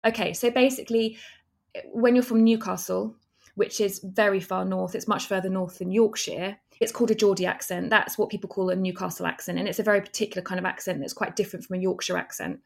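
A woman's voice: medium pitch, fairly even intonation, fast talker, creaky. A woman from England, a documentary director, answering interview questions in a thoughtful, earnest way. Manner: thoughtful, earnest, with frequent restarts. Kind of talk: interview conversation.

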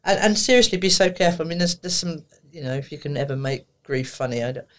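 A woman therapist, telling lively stories on a podcast, laughing and acting out the conversations she recounts. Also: sits low, fast. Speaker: therapist guest. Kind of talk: anecdotal storytelling on a podcast.

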